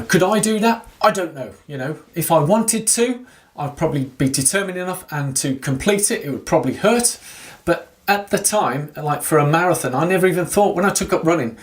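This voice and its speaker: A man recording a casual running vlog, talking to his viewers in a rambling way with lots of fillers and restarts. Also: fairly high pitch. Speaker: running vlogger. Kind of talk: casual video diary talk to viewers.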